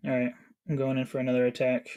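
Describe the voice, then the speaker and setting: A man's voice: medium pitch, completely flat delivery, quick pace, mellow, smooth. A man in his thirties from New England, chatting casually with his live-stream chat while he plays a game. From New England, USA. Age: 30s. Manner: chatty, reads chat aloud while playing.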